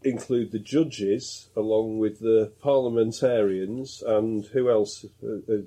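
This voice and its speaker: A male podcast co-host with a deep, mellow and slightly husky voice. He lays out political events in casual chat with a wry, dry edge. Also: fairly even intonation, a little slow.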